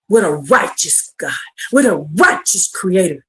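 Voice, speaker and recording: Fervent woman preacher, lively pitch. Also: measured pace. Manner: fervent, rising to shouted exhortation. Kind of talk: livestreamed sermon.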